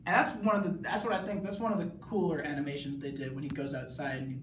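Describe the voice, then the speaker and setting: A man's voice: a little high, level tone, quick pace, a little hiss or hum. Rambling young man in an echoey bathroom. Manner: rambling, many "like"s, bursts of yelling. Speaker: student video reviewer. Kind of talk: casual plot recap. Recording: echoey bathroom, mic far off.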